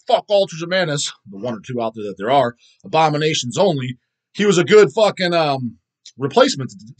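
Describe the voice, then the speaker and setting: A man with a husky, somewhat breathy voice at an ordinary pitch rants casually about music on his own show. He talks bluntly, swears constantly and rambles through restarts and asides. He is recorded on a phone. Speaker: host answering viewer questions. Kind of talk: casual profane rant.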